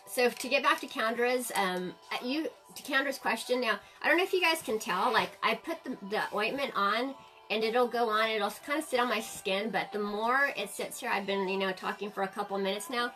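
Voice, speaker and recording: A woman's voice: medium pitch, pushed and bright. A woman in her forties hosting a casual live-stream makeup tutorial, chatting to viewers and laughing often. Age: 40s.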